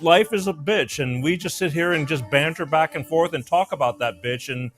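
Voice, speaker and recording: A man's voice: a little high, normal speed. A man hosting a casual late-night talk show, rambling and telling jokes. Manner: rambling, animated, joke-telling. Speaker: show host.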